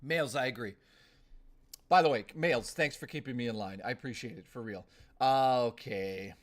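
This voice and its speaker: A man's voice: medium pitch, normal speed. A young man live-streaming in casual chat, ranting bluntly with lots of swearing and rambling restarts.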